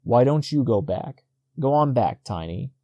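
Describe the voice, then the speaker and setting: A man playing a worried young husband, speaking quietly with a guarded strain. The voice is warm and mellow, close and dry in the recording. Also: mid-range voice, lively intonation, measured pace, no room sound, dull audio, lightly acted. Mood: uneasy.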